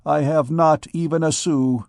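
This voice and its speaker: A man's voice: a little high, fairly even intonation, unhurried, vocal fry, darkish tone, no room sound, studio quality, voice pushed up. A man doing a meek, frightened poor poet. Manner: meek, pleading replies. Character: destitute, frightened male poet.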